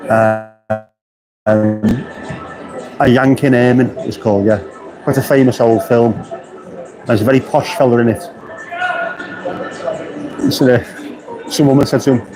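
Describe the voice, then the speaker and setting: A man's voice: medium pitch, steady tone, measured pace, pauses often, over music. A man with a dry, rambling manner, giving casual running commentary as a football fan from his seat, full of joking asides. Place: football stadium stands, outdoors. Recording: noisy stadium ambience.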